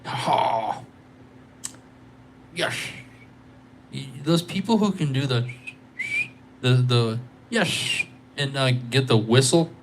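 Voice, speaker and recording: A man's voice: medium pitch, expressive, takes it slowly, long pauses, slight background noise. A tired man rambling and joking with his viewers as he hosts a casual live guitar stream on a microphone. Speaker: livestreaming guitarist.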